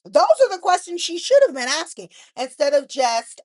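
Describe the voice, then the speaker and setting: A woman's voice: high voice, sing-song, moderate pace, a little mellow, no echo. A woman hosting a soap opera recap, giving blunt, sassy commentary full of "like" and asides. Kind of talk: casual opinionated recap.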